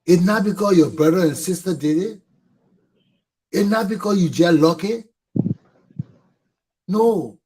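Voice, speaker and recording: Man, Liberian English accent, middle-aged, fiery talk show host, husky and fairly high. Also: a little slow, long pauses, dark tone, low-quality recording. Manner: fiery, repeats points for emphasis, swears. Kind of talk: impassioned talk show monologue.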